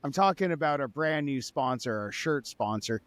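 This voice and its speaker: A man's voice: mid-range voice, animated, moderate pace, a bit bright, dry recording. A man co-hosting a podcast, chatting casually, swearing freely and saying y'all, with a sponsor read. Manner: laid-back, swears casually, says y'all. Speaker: podcast co-host.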